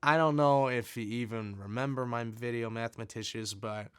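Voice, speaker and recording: A video creator answers fan letters, chatting in an easygoing, self-deprecating way. His medium-pitched voice is steady and clean at a moderate pace, recorded dry with clean studio sound.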